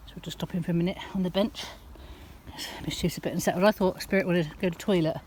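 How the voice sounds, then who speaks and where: A woman with a Northern English accent vlogging casually as she walks a wet park track, chatty and given to high sing-song baby talk with her cats. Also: steady tone, fast, noisy background. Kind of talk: casual walking vlog.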